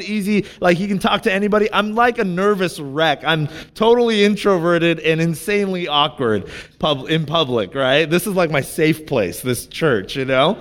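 A young male pastor with a high, light voice preaches in a casual, confiding way. He talks to the congregation as if chatting with friends. A long hall reverb trails his words around the church. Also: fairly bright tone. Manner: candid, conversational preaching with asides to the congregation. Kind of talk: sermon. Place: church sanctuary.

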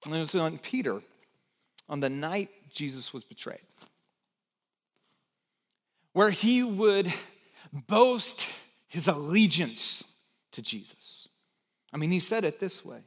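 A male pastor preaching a sermon in a church, slow and emphatic with dramatic pauses. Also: fairly high pitch, big pitch swings. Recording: long church hall reverb.

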